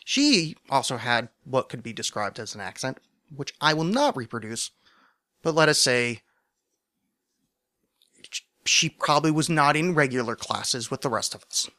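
A man hosting a podcast, telling a comic story in a sardonic, self-mocking way, with mumbled asides and loud animated bursts. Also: medium pitch, measured pace, long pauses, no room sound, studio quality. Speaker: podcast host. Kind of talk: comedic storytelling monologue.

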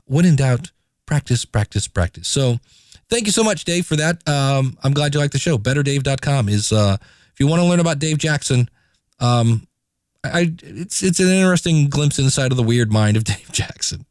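A man hosting a solo podcast in a chatty, animated way, with an everyday mid-range voice. His voice sounds close and dry, with no room echo. He moves quickly between stories and advice. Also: mid-range voice. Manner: chatty, animated, playful asides. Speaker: podcast host. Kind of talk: casual solo podcast talk.

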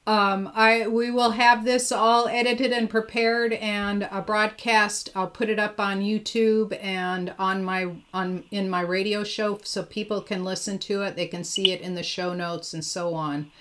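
A woman's voice: mid-range voice, flat delivery, measured pace, few pauses, fairly bright tone. A woman hosting a casual live interview, chatty and enthusiastic, often laughing. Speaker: host.

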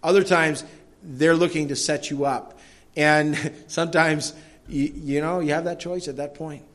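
A man preaching a sermon in a church, with a slightly higher than average voice for a man. He talks conversationally, tossing in tag questions and restarts, and swings from quiet asides to raised, emphatic lines. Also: fairly even intonation, unhurried. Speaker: pastor.

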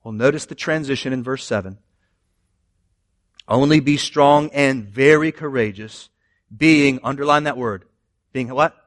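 Male pastor, slightly high voice, animated sermon delivery with joking asides. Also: normal speed, long pauses. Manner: animated preaching, rising loud on scripture quotes, asides to the congregation. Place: church.

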